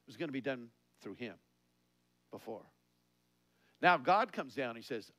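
A man preaching a conversational sermon, laughing often and asking his listeners questions, rising in pitch and volume on key points. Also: expressive, moderate pace, pauses often, sharp tone, no room sound.

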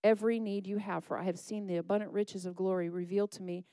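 A woman preaching a sermon with a mellow, warm tone. She builds her points in short, rhythmic, emphatic phrases and tosses asides to her listeners. The sound is dry and close, with little room around it. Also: medium pitch, fairly even intonation, fast, no room sound.

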